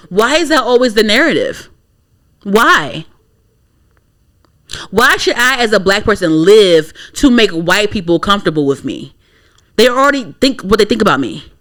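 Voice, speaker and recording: A woman's voice: mid-range voice, very animated, unhurried, long pauses, a bit bright. A young woman from the Washington DC area co-hosting a podcast, talking bluntly and profanely in a ranting, casual opinion chat. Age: young adult. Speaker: podcast co-host.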